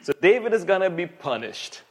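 Male pastor, sermon delivery, animated and emphatic, voice sits a bit high. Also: fairly quick, husky. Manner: animated, emphatic preaching with vivid asides.

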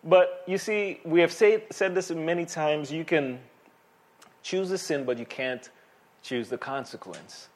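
Male pastor, sermon delivery, animated and emphatic, voice sits a bit high. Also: unhurried. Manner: animated, emphatic preaching with vivid asides.

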